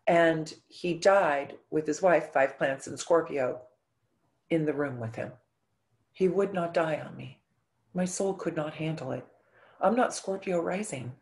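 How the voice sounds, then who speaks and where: A middle-aged woman hosting an astrology channel, talking casually to her viewers and telling stories in an earnest, emotional way with dramatic pauses. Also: on the low side, darkish tone. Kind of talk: casual talk to camera.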